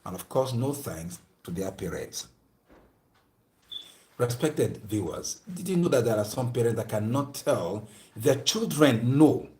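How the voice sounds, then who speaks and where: A man lectures his viewers in a preachy, emphatic way. His voice sits at a middling pitch, and he returns again and again to the same phrases to drive his point home. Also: animated, measured pace, warm tone. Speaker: speaker addressing viewers. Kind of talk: moralizing lecture.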